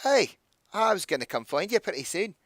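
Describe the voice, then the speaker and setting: A man voicing a calm, easygoing male dwarf in a tabletop game, relaxed and teasing. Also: high voice, a little fast, no room sound, studio quality, pitched above the performer's own voice. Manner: laid-back, teasing.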